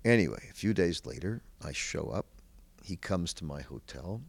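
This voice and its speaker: Low gravelly man telling a story. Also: big pitch swings, normal speed. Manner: acts out quoted voices, chuckles, shifts loudness for effect. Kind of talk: animated storytelling talk.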